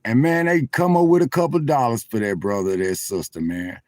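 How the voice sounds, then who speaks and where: A man is livestreaming on his phone from a car parked at a truck stop, chatting straight to his viewers with preacher-like swells. His medium-pitched voice is a little mellow and moves at a moderate pace, with no echo.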